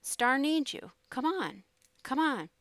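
A woman's voice: sits high, animated, slow, a bit bright, dry recording, voice pushed up, heavily acted. A woman reading the lines of a determined young boy in a storybook, pleading and coaxing.

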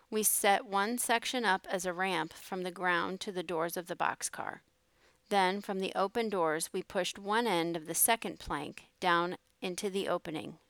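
A woman narrates an audiobook in a steady, measured manner. Her voice is low and smooth. The recording is close and completely dry. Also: no room sound.

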